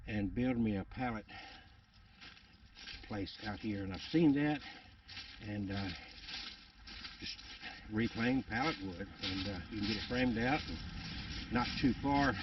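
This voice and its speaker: A man's voice: on the low side, slight background noise. Winded man rambling outdoors. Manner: rambling, many fillers. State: out of breath. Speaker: vlogger. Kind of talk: casual rambling walk-and-talk. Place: outdoors on wooded rural land. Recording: distant dull outdoor recording.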